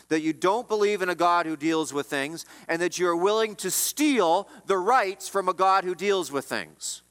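A man preaching a sermon as pastor, emphatic, his voice swinging between loud rises and quiet drops. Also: big-room sound. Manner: emphatic preaching, rising and dropping in pitch and volume.

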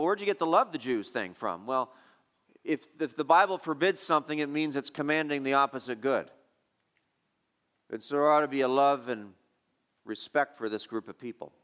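A man delivering a sermon in a higher, sharp and forceful voice that rings through a hall with long reverb. He presses his points with rhetorical questions and repeats key phrases for emphasis. The delivery is that of a preacher teaching from the pulpit. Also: brisk. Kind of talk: expository sermon.

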